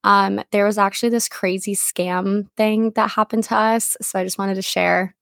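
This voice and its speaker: Young female podcast co-host, chatty and rambling, slight vocal fry. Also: medium pitch, fairly even intonation, moderate pace, fairly bright tone, no room sound, clean studio sound. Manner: chatty storytelling, many fillers. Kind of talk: casual chat.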